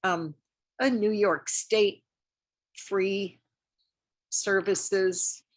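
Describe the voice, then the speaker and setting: Husky older woman giving a health talk. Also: medium pitch, fairly even intonation, drawn-out words. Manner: chatty, encouraging, repeats for emphasis. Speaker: lymphedema lecturer. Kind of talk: community health lecture. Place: community center lecture room.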